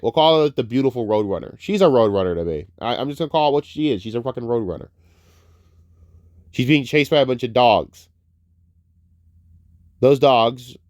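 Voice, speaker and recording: A man getting over a cold gives a rambling, excitable, profane spoken film review. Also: mid-range voice, no echo, studio quality. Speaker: movie reviewer.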